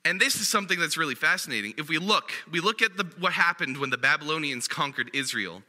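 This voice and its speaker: A male guest preacher talks through his sermon in a loose, conversational way, dropping casual fillers as he goes. His voice is very bright and sharp, set a little high. The sound carries a long reverb from a church hall. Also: lively intonation, quick pace.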